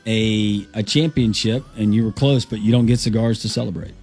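A man's voice: fairly low pitch, steady tone, a little fast, darkish tone, soft background music. A man co-hosting a radio show, teasing and joking in casual banter. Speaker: radio co-host.

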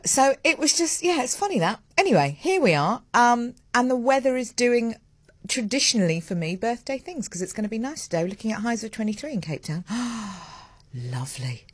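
A woman hosting breakfast radio, chatting in a lively, self-mocking way with lots of asides. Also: mid-range voice, no echo. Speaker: radio host. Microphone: studio mic with headphones.

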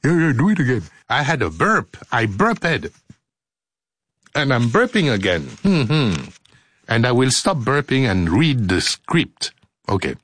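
A man's voice: mid-range voice, sing-song, measured pace, fairly bright tone, no room sound. A man hosting a radio show, joking through outtakes in a playful, theatrical way. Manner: jokey, theatrical, swoops into silly voices. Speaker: radio host. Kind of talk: playful studio banter and outtakes.

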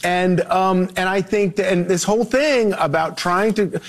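A man on a TV panel mocks with gushing sarcasm and frequent restarts. His voice is somewhat high for a man. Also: unhurried. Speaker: TV panel guest. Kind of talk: TV panel commentary.

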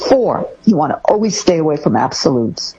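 A woman co-hosting a talk show, giving casual parenting advice in a lively way, acting out what parents say to their kids. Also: moderate pace, highs cut off, a little hiss or hum. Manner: lively, acts out parent phrases in a higher voice. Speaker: parenting podcast co-host.

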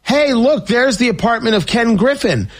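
A male talk radio host delivers political commentary with a sarcastic, riffing edge. His voice sits high for a man and swings through a very lively, animated range. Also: moderate pace.

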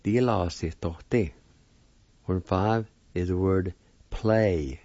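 A man's voice: low-pitched, dark tone, no room sound, dull audio. A man giving a weekly radio language lesson, spelling out each word carefully and repeating it. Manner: slow, careful spelling and repetition of words.

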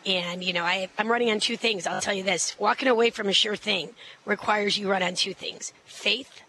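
Middle-aged woman candidate, bright tone, confident, quick, filler-heavy interview answers. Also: mid-range voice, fairly even intonation, slight background noise, low-quality recording. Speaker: mayoral candidate.

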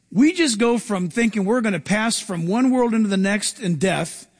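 A man preaching a sermon as pastor, animated and acting out quoted lines, sometimes shouting them. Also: sits high, normal speed, hardly any pauses, husky.

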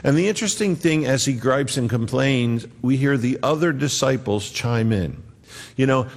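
A male preacher delivering a sermon, earnest and conversational, with a mid-range voice. His words ring out in a church hall with a long, trailing reverb. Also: mid-range voice. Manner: conversational, earnest, acts out quotes.

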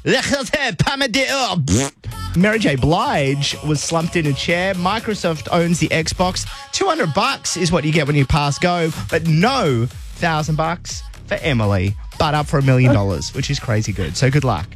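A high-voiced man runs a radio quiz in upbeat, encouraging patter. A faint music bed sits under his voice on the broadcast. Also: animated, normal speed. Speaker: radio host.

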